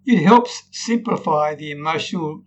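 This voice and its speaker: A man's voice: fairly high pitch, animated, moderate pace, a little mellow, dull audio, slight background noise. Upbeat man coaching storytelling. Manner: demonstrates tones, frequent "right?" tag questions. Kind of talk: recorded lesson.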